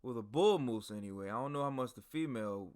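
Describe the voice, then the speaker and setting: Talking fast, a podcast host spins casual, profane stories addressed right to his listeners. His medium-pitched voice is animated, darkish, clear, and resonant.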